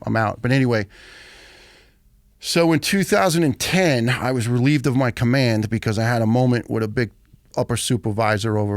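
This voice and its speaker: A middle-aged man, telling his story as a podcast guest in a blunt, profane, animated way. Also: mid-range voice, gravelly, no room sound, studio quality. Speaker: guest, retired firefighter.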